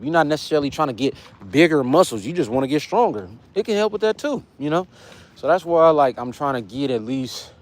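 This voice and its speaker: A man's voice: mid-range voice, a little mellow. A man from California, hosting a casual fitness livestream and chatting loosely with his viewers. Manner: laid-back, chatty, greets viewers by name.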